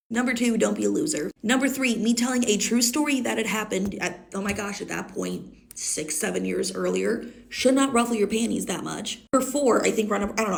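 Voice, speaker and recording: A woman's voice: mid-range voice, creaky. A woman in her thirties with a congested, stuffy nose, telling a story to her phone camera in a chatty, blunt way and swearing freely. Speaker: content creator. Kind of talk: casual storytime vlog. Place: indoors, green-screen setup.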